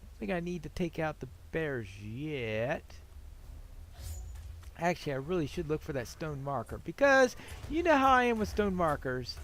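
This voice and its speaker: A man talks over his gameplay in a relaxed let's-play style. His voice sits a little higher than most men's. He muses and wanders from thought to thought, often poking fun at himself. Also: normal speed, a little hiss or hum. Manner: rambling, self-deprecating musing. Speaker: gameplay commentator. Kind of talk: casual let's-play commentary.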